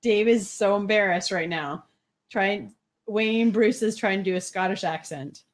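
A woman's voice: medium pitch, a little slow. A woman co-hosting a casual livestream, reading chat comments aloud and joking around in a playful, giggly way.

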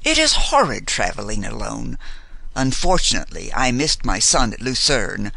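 A man's voice: mid-range voice, huge pitch swings, normal speed, vocal fry, bright, forceful tone, no room sound, exaggerated voice, poor audio. A man reading as a prying haughty society lady. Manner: prying, condescending, affable on the surface. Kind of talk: audiobook character reading.

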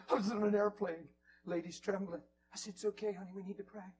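A man preaches in a church, his high voice lively as he tells stories. He drops from loud to hushed, almost whispered lines. A faint hiss sits under the recording. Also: a little fast, low-quality recording. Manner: animated storyteller, swings from loud to hushed whispers. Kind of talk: Q&A teaching with storytelling.

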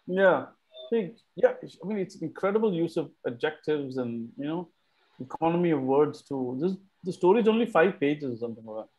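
A man's voice: a little high, very animated, a little fast, darkish tone, lo-fi sound. A man hosting a casual book club discussion, chatty, repeating words while he thinks.

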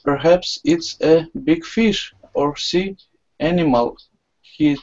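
A woman's voice: sits low, a little mellow. A woman student reading a story aloud in an online class, stumbling, correcting herself and laughing. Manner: slow halting reading with self-corrections and laughs. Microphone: video call. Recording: dull lo-fi online call audio.

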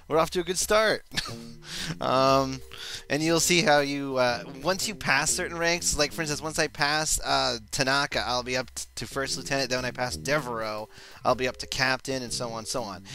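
A man's voice: mid-range voice, bright, forceful tone, rough recording. A man giving rambling, self-deprecating commentary while playing a video game. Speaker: let's play commentator. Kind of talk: gameplay commentary.

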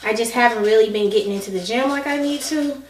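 A woman's voice: a little high, fast talker, far from the mic, slight background noise. A woman, out of breath, chatting casually to viewers as she demonstrates a recipe in her home kitchen. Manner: chatty and folksy, talks straight to viewers. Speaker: cooking vlogger. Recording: roomy kitchen, mic set back.

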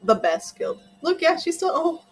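Breathy excitable woman reacting. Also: mid-range voice, faint music behind. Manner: excitable, gasping and laughing, quick emotional outbursts. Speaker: anime reaction video host. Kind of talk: casual live reaction commentary.

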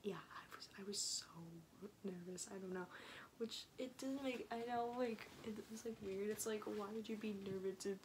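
A woman's voice: mid-range voice, fairly even intonation, normal speed, noisy background. A young woman rambling in a casual video diary, often dropping into a whisper. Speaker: vlogger.

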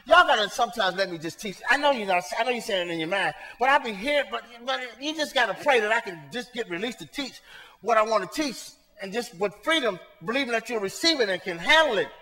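A male pastor preaching a sermon to his congregation, swinging between soft asides and shouted points, talking to them in a casual, colloquial way. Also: sits high, animated, quick pace, long reverb tail. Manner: colloquial, talks straight to the congregation. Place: church sanctuary.

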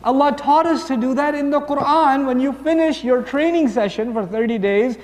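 In a big, reverberant hall, a high-voiced man preaches a sermon with lots of animation. For his audience he performs quick back-and-forth dialogues as they play out.

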